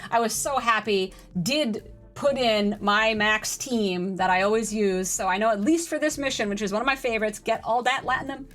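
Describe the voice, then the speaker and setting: A woman live-streaming a game, chatting with her viewers and getting excitable during play. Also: on the high side, moderate pace, faint music behind. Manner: chatty, excitable, talks to chat. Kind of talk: live-stream gaming chat.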